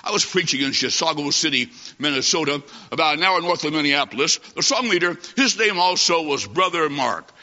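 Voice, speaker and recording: A man preaching a humorous sermon, telling a comic story and acting out the dialogue with lively timing. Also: on the high side, fairly quick, hardly any pauses. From half Italian. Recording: dull recording in a long-echoing hall.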